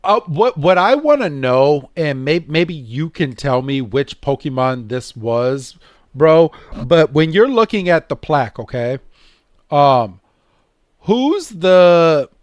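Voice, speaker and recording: A man co-hosting a podcast in casual chat, talking in a halting, laid-back way with many fillers. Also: a little high, sing-song, no echo, muffled recording. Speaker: podcast co-host.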